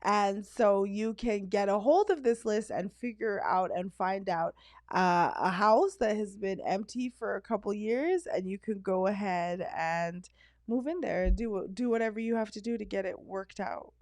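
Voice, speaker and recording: A woman co-hosting a podcast in casual chat, playful and quick to laugh as she tells stories. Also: medium pitch, no room sound, studio quality. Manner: playful, laughs often, animated storytelling. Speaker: podcast co-host.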